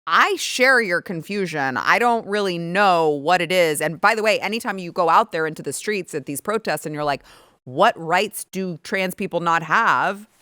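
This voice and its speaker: Woman host in her thirties, bright and crisp, sarcastic political commentary. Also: on the low side, dry recording, studio quality. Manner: sarcastic, animated, quick asides. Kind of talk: political talk show commentary.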